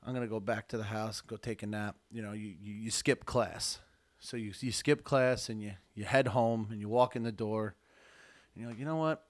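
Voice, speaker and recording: A man's voice: lowish voice, fairly even intonation, normal speed. A young adult man co-hosting a casual podcast, telling crude rambling stories with loose joking energy. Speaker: podcast co-host. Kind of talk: casual comedic chat.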